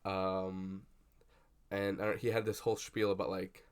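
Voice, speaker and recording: A young man chatting casually at his desk about a film he just saw, rambling and swearing with lots of fillers and excited bursts. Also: sits low, measured pace, smooth. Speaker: vlogger. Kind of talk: casual movie reaction chat. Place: at a desk indoors. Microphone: computer webcam.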